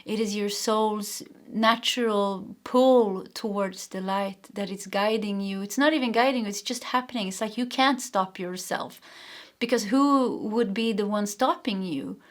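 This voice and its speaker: A woman with a Swedish accent giving a pick-a-card tarot reading, gentle and reassuring, with soft laughs and restarts. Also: mid-range voice, unhurried. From Sweden. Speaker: tarot reader.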